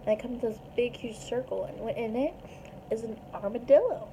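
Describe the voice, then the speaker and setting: A woman retelling a picture book story aloud in a chatty, animated way. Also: a little high, fairly quick, noisy background. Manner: chatty, animated, puts on small voices for the animals.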